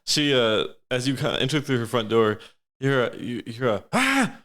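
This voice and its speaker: A man narrating as game master, relaxed and often laughing. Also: mid-range voice, normal speed.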